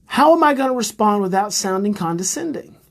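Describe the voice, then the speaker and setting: In a high, brisk voice full of lively intonation, this parenting teacher streams an emphatic talk, driving home key lines and rhetorical questions through repetition.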